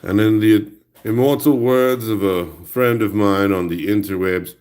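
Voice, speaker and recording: An unhurried man with a lowish, clear, resonant voice and a darkish tone hosts a crafting video. He chats playfully while working, talks to himself, and hums little tunes from time to time.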